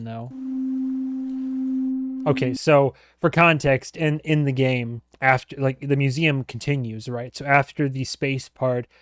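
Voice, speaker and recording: Excitable man reacting to a show. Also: mid-range voice, dry recording, clean studio sound. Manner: excitable, laughs often, rambling with fillers. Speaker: reaction video host. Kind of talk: casual reaction commentary.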